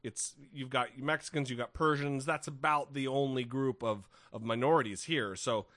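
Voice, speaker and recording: Guy cohosting a podcast, rambly and wry, swears a lot, mid pitch, dry close mic. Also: normal speed, fairly bright tone, dry recording. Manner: rambling, wry, swears freely, many restarts. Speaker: podcast co-host. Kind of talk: casual chat.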